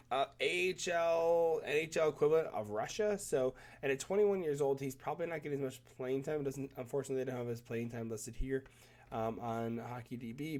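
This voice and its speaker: A man talking at an ordinary middle pitch, his nose stuffed up from a cold. He rambles through numbers on screen in a loose, enthusiastic way, stumbling and restarting as he goes. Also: darkish tone. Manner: rambling, self-correcting, enthusiastic. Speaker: hockey commentator. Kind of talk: casual screen-share commentary.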